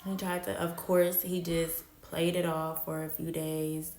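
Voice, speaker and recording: A woman's voice: sits low, little pitch movement, measured pace, darkish tone, reverberant, a little hiss or hum. A woman telling a personal story in a casual vlog, slangy and candid, repeating phrases for emphasis. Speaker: storytime vlogger.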